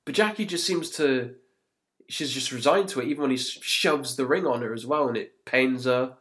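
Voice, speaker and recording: A man hosts a podcast, chatting his way through an episode recap in a mid-range, slightly bright voice at a moderate pace. He laughs often and acts out quotes as he goes.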